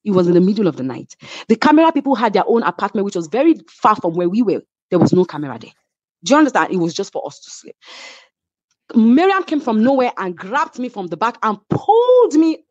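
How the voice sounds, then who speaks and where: A Nigerian-accented woman from a reality show gives her side in an interview, telling the story animatedly and emphatically while repeatedly asking "do you understand?" Her voice is highish, sing-song and darkish, a little fast, recorded dull and lo-fi with no room sound.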